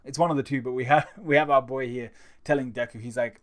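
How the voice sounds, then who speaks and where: Excitable young man reviewing manga. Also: mid-range voice, quick pace. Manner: excitable, chatty, with repeated restarts. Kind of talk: casual manga chapter review.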